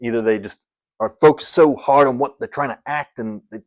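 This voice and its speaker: A man's voice: mid-range voice, fairly quick. Young man, mid-range voice, casual rambling vlog reviewer who hams up the countdown numbers. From Scotland. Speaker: film reviewer. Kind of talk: casual movie-ranking vlog.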